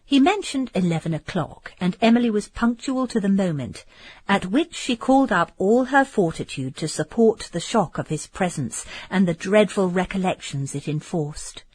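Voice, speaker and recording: Breathy woman reading an audiobook. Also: mid-range voice, lively intonation, normal speed, a little mellow. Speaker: audiobook reader. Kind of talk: audiobook narration of a Gothic novel.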